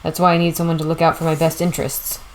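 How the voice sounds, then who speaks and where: A woman reading the lines of a sly, smooth-talking old male con man in an audiobook, confident and persuasive. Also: deep voice, completely flat delivery, quick pace, a little hiss or hum, natural voice, poor audio.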